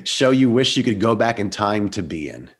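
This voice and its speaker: A man hosting an interview, upbeat and laughing often as he fires off quick quiz questions. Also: on the low side, very animated, breathy edge. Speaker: interview host. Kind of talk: podcast interview with quiz round.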